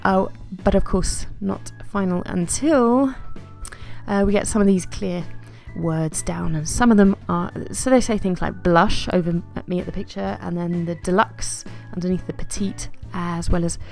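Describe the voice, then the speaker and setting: A woman casually narrating a scrapbooking layout in a chatty, self-deprecating way, with fillers and soft laughs. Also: fairly low pitch, normal speed, vocal fry, faint music behind. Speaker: scrapbooking vlogger. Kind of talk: casual voice-over narration of a craft process.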